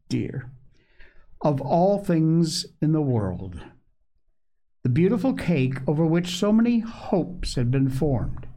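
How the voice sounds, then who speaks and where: A narrator giving an expressive read-aloud of an old-fashioned children's storybook. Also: medium pitch.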